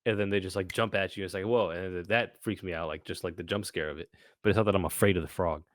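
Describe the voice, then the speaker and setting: A young man co-hosting a podcast, telling animated stories in casual chat and swearing often. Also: deep voice, fast, no echo, studio quality. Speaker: podcast co-host.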